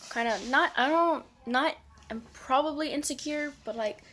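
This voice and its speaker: A woman's voice: high voice, normal speed, fairly bright tone, slight background noise. A teenager with a female voice, talking in a personal confessional vlog in a subdued, hesitant, rambling way with lots of fillers and restarts. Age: teens. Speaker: vlogger.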